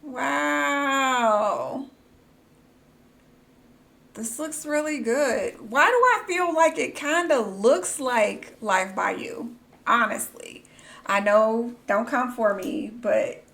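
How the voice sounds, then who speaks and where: A young woman live-streaming, chatting casually and reacting excitedly, gasping and squealing, then muttering quietly to herself. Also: fairly high pitch, creaky.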